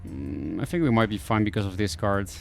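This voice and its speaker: A man's voice: on the low side, sing-song, brisk, vocal fry, soft background music. A man whose first language is Dutch, chatting frankly and rambling on a game stream. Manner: frank, rambling, restarts often. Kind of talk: casual stream chat.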